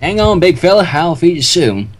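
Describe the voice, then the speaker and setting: A man's voice: a little high, big pitch swings, normal speed. A man voicing a brash, crude redneck man who cracks rude jokes. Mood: rowdy.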